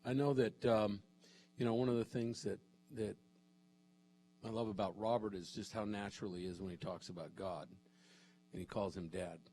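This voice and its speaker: Lower-voiced male pastor. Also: fairly even intonation, moderate pace, warm tone, a little hiss or hum. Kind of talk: sermon. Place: church sanctuary.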